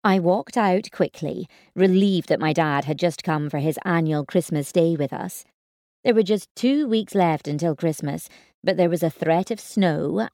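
A woman narrating a first-person story in an expressive, wry manner. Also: lowish voice, dry recording, studio quality. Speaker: audiobook narrator.

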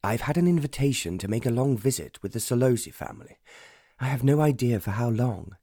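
A petulant young gentleman talks in a sulky, dismissive way, awkward when pressed, as a male narrator plays him. The tone is dark and mellow, in a dry, close audiobook recording. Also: medium pitch, animated, fairly quick, dry recording.

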